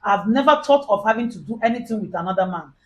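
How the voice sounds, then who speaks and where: A woman's voice: mid-range voice, lively intonation, quick pace, rough recording. A woman with a Nigerian accent recounts a personal ordeal in the first person. She talks earnestly and steadily, and she reports what others said as direct quoted dialogue. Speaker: storyteller. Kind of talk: first-person confessional storytelling.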